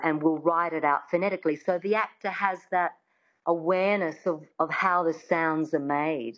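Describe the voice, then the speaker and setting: A woman's voice: lowish voice, dull audio. A woman working as a dialect coach, explaining how are taught and demonstrating sounds as she goes. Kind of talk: studio interview, teaching accents.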